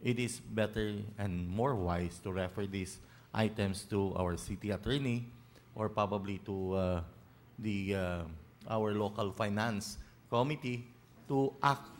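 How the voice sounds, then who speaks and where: A man, a city council member giving a formal rejoinder, halting with many fillers and addressing the chair. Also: lowish voice, a little hiss or hum. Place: city council session hall.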